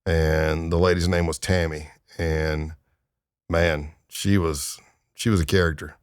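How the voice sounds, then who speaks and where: A man's voice: extremely low pitch, level tone, measured pace, clean tone, dry recording, studio quality. A man in his fifties, a retired undercover agent, telling stories in a laid-back, wry way as a podcast guest. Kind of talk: anecdotal storytelling in a podcast interview.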